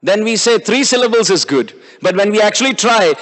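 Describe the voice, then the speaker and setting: High-voiced man preaching in a hall. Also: lively intonation, fairly quick, few pauses, a bit bright. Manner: chanting Sanskrit verses, drawing out syllables. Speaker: visiting preacher. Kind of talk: devotional sermon. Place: temple hall.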